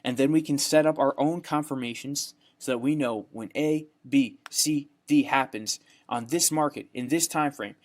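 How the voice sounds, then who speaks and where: With hardly any pauses, a young man with a Southern US accent talks at normal speed in a mid-range voice while teaching trading through a screen share. His style is folksy and repetitive, with frequent "right?" check-ins.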